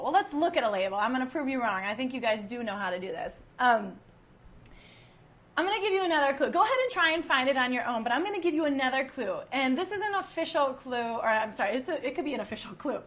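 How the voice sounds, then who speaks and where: A woman's voice: high-pitched, big pitch swings, moderate pace, fairly bright tone. A woman from the United States hosting a casual online wine class, chatty and full of teasing jokes. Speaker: wine educator and host.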